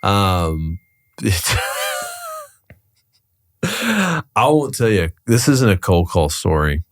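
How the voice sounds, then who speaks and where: A man's voice: lowish voice, very animated, extremely slow. A man, a real estate broker, telling stories casually as a podcast guest, laughing often and swearing freely. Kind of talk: casual storytelling in a podcast interview.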